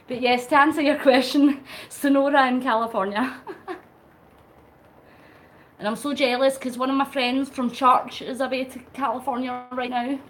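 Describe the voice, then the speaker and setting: A woman's voice: high voice, fairly even intonation, unhurried, long pauses. A middle-aged woman, chatting casually on a live stream while cycling, laughing often and answering her chat. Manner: chatty, laughs often, reads out viewer comments; talks while pedalling on a bike.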